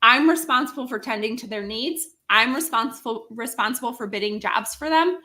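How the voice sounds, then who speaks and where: A woman's voice: a little high, fairly quick, pushed and bright. A woman co-hosting a casual business live stream, explaining how the office runs with her own examples. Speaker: co-host handling office and numbers.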